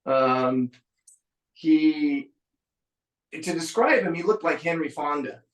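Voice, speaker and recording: Relaxed man telling family stories. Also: a little high, takes it slowly, echoey room, low-quality recording. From San Francisco. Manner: relaxed storyteller, dry humor, frequent ums. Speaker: musician guest. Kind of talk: casual interview chat.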